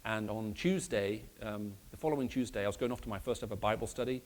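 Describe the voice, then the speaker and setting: A man with a British accent, raised in the Middle East, giving a lively conversational apologetics talk in a church and questioning his audience. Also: on the low side, fast talker. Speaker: speaker.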